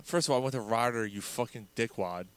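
Swearing New man, smooth voice. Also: medium pitch, quick pace, no room sound. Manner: swearing, animated storyteller doing friends' voices. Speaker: podcast host. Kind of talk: casual chat.

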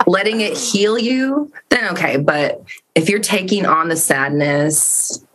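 A woman's voice: fairly low pitch, animated, takes it slowly, fairly bright tone. A woman host in casual chat, rambling animatedly about shows that make her cry, cursing freely.

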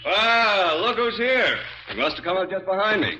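An actor playing a flippant, hard-drinking expedition hand in a 1940s radio drama, with a husky, breezy voice. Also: male voice, high voice, lively intonation, moderate pace, background noise. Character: boozy wisecracking male expedition hand. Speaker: expedition member. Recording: dull old radio broadcast.

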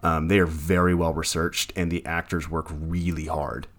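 Man, very low voice, casual rambling podcast co-host. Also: flat delivery, normal speed, crowd noise. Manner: rambling, many fillers and restarts. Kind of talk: casual film discussion.

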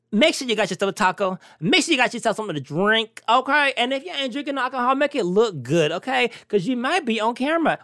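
A brash, teasing podcast host chats casually and solo to the audience, his pitch leaping and swooping in an animated way. The sound is dry and close, with no room sound around it.

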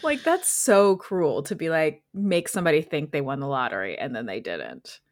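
A woman's voice: low voice, normal speed. A woman co-hosting a podcast in casual chat, agreeing readily and telling anecdotes with acted-out reactions. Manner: animated storyteller, agreeable, acts out reactions in quotes. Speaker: podcast co-host.

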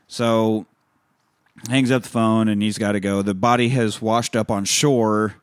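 A man's voice: lowish voice, steady tone, a little slow, clean tone, no echo, clean studio sound. Profane man recapping a film. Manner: profane, recaps scenes, acts out lines. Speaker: podcast host. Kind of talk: casual film recap chat.

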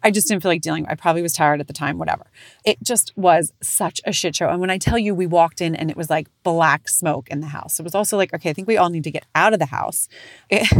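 A woman in her thirties telling a family story in casual chat, animated and swearing freely, jumping into high voices for quotes. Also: quick pace, no room sound, studio quality. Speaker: podcast host.

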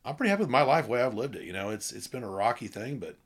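A man's voice: mid-range voice, expressive, very fast, slightly rough. A man in his forties, a podcast guest, chatting candidly in a blunt, rambling way with many restarts. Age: 40s. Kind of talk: casual conversation.

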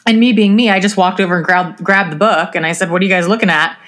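A woman's voice: fairly low pitch, fast, fairly bright tone. A woman co-hosting a podcast, earnestly telling a personal story in a casual conversation. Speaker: podcast co-host.

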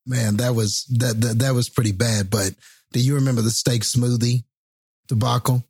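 Husky laid-back man, dry sound. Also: medium pitch, fairly even intonation, moderate pace, darkish tone, dry recording. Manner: laid-back, hesitant with fillers, laughs while telling. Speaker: podcast co-host. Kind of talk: casual storytelling chat.

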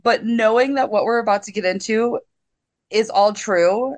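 A woman's voice: fairly high pitch, normal speed. A woman co-hosting a podcast in casual chat, wry and easily exasperated. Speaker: podcast co-host.

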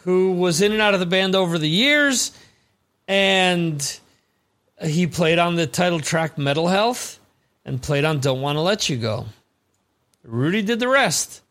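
Male quiz host, slightly high pitch, unhurried, chatty digressions between scores. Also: expressive, fairly bright tone. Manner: rambling, chatty asides between questions. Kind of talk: live-streamed trivia hosting.

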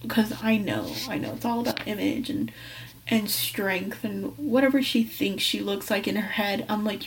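A woman's voice: mid-range voice, moderate pace, distant mic, poor audio. A young woman hosting a personal podcast, telling a story candidly and profanely, rambling and correcting herself, sometimes drifting off the mic. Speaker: podcast host.

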